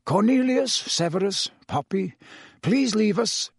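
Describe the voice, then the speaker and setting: A man putting on a calm, unhurried old headmaster from a storybook, courteous but immovable, his measured lines rising and falling in a dry, close recording. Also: high voice, husky, dry recording, pitched above the performer's own voice, heavily acted.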